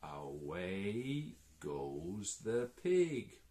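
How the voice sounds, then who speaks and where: A man reading a picture book aloud to children in an animated, playful way, asking the listeners questions and repeating words in a sing-song. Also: sits low, drawn-out words. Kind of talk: read-aloud storytime.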